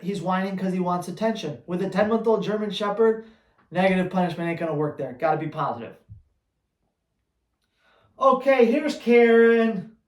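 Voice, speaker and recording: A man's voice: sits high, darkish tone, roomy sound. A man who trains dogs, answering viewer questions in a blunt, teasing, emphatic way. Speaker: dog trainer.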